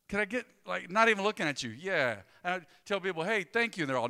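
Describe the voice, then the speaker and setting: A man, a pastor preaching a sermon in a conversational, joking way with animated storytelling. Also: sits high, quick pace, hardly any pauses, clean tone, long reverb tail.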